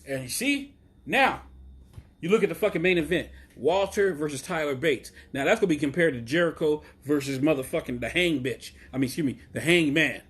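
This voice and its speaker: A man's voice: fairly high pitch, fairly quick, husky. Profane, rambling man ranting about wrestling. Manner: profane, rambling, excitable with many fillers. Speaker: wrestling podcast host. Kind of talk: solo casual rant.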